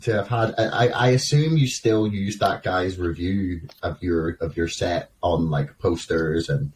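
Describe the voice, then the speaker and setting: A man's voice: deep voice, unhurried, recorded from a distance, a little hiss or hum. A man interviewing a guest, asking long, hesitant questions full of restarts. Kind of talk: casual interview.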